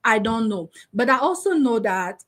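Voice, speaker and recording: A talkative woman host in her young adult years gives her opinions in a casual, chatty way. She keeps asking rhetorical questions and turning to her co-host. Her voice sits a little on the high side. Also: expressive, moderate pace, a bit bright. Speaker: relationship coach and host. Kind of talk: casual commentary chat.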